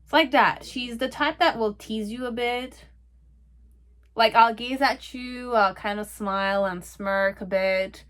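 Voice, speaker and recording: A woman's voice: a little high, unhurried, fairly bright tone. A young adult woman giving a casual pick-a-card tarot reading, rambling and chatty, often checking in with "okay?" and "like". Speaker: tarot reader.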